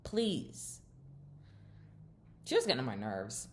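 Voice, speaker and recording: A woman's voice: deep voice, lively intonation, moderate pace, slight background noise. A woman hosting a casual reality TV recap, chatty and opinionated, with lots of fillers and sassy asides.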